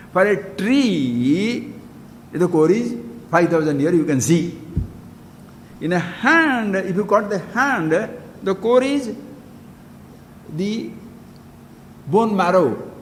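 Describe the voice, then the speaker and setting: Spiritual teacher, man, high voice, keeps firing questions at the crowd, big echo in the hall. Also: sing-song, very slow, pauses often. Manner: emphatic, questions listeners directly, wide swings in pitch and loudness. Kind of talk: spiritual discourse to a gathering. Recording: long hall reverb with faint background hiss.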